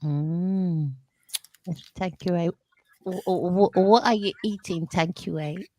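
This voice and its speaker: A woman's voice: on the low side, slow pace, mellow, a little hiss or hum. A woman with a South London accent hosting a casual radio panel chat, chatty and laughing, with stumbling restarts. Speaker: radio host.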